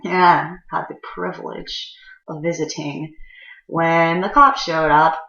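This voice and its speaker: Low, sharp-voiced woman telling a rambling story. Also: fairly even intonation, takes it slowly, vocal fry. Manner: profane, rambling, frequent fillers. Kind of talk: casual personal storytelling. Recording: roomy, slightly dull recording.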